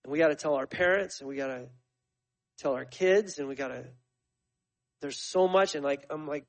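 A man's voice: fairly high pitch, moderate pace, pauses often, low-quality recording. A man in his forties, a missionary speaking to his church in a conversational, storytelling sermon full of fillers and restarts. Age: 40s. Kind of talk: sermon testimony.

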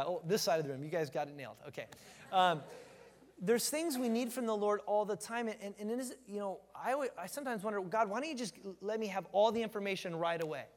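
Pastor, male, higher-pitched voice, chatty and joking, trips over his words, long hall echo. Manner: joking, folksy, frequent restarts and stammers. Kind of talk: casual conversational sermon. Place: church sanctuary.

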